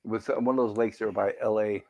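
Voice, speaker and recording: A man's voice: on the low side, fairly even intonation, fast, gravelly, dark tone. A man chatting casually on a game stream, rambling, with many restarts and asides, reading out viewer comments.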